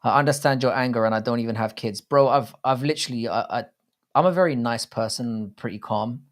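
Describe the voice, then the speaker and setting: A livestream host in his thirties talks a little fast in a medium-pitched voice while running a watchalong. His remarks to chat are casual, blunt, profane, and meandering.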